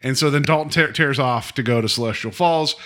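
A man's voice: mid-range voice, fairly bright tone. A man co-hosting a podcast, chatting casually about a TV episode, rambling with lots of fillers and laughing often. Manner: rambling, filler-heavy, quick to laugh, slips into mock voices. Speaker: podcast co-host. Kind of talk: casual chat reviewing a TV episode.

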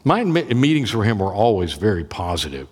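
A man's voice: on the low side, sing-song, a little fast, a little mellow, slightly rough. A man preaching as pastor, telling a personal story in a conversational way, often repeating and restarting words. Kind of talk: sermon storytelling. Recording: long reverb of a church.

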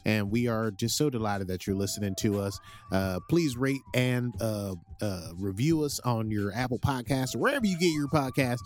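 A man's voice: mid-range voice, lively intonation, normal speed. A man co-hosting a podcast, chatting casually in a put-on Southern drawl. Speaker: podcast co-host.

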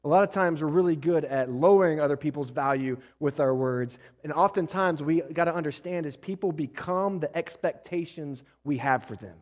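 A man preaching a sermon as pastor to a church, swinging between loud emphatic passages and soft intimate ones, often checking in with the congregation. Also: on the high side, moderate pace, hardly any pauses. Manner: preaching with rising and falling intensity, asks the congregation questions.

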